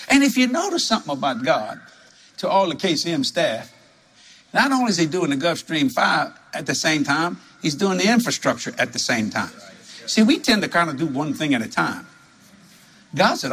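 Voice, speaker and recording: A man from New preaching a sermon full of stories, animated and laughing as he talks, jumping to high exclamations. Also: moderate pace, slightly rough. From New Orleans.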